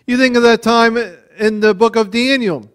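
A man preaching a sermon on a psalm, earnest, often repeating and restarting words, moving between soft, low passages and louder, emphatic ones. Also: normal speed, clean tone.

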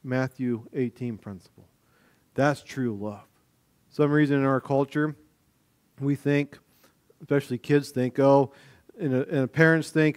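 In this sermon, the pastor keeps a moderate pace yet stays animated, shifting between loud stresses and quiet undertones and voicing characters from daily life.

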